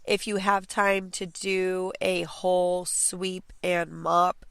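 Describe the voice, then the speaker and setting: A woman's voice: fairly low pitch, little pitch movement, takes it slowly, vocal fry, fairly bright tone, clear, resonant tone, no room sound. A young adult woman hosting a casual clean-with-me podcast from home, chatty and encouraging, with many fillers and restarts. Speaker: podcast host.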